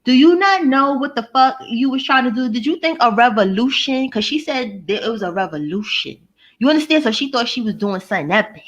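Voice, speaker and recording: A woman's voice: a little high, lively intonation, fairly quick, lo-fi sound. A woman vlogger ranting casually to her live chat, profane and mocking, answering viewers by name.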